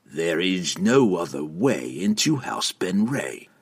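A hard-bitten assassin answers in a gruff, low voice with a husky grain, voiced by a male narrator. He sounds cold and clipped. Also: big pitch swings, slow, exaggerated voice.

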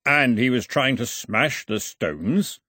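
A man voicing a solemn young man in a storybook reading, speaking slowly and deliberately, as if intoning. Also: mid-range voice, sing-song, husky, no room sound, studio quality. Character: slow, solemn young man who lays out facts.

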